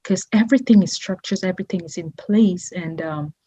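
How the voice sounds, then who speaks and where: A woman's voice: on the low side, a little fast, dark tone, breathy edge, lo-fi sound. A woman guest in an interview, speaking effusively and emotionally, often laughing and repeating her images. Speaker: guest, entrepreneur.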